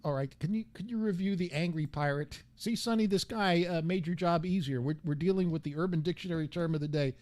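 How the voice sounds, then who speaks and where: A man's voice: on the high side, a little fast, hardly any pauses, darkish tone. A man hosting a radio talk show, joking and bantering crudely between clips.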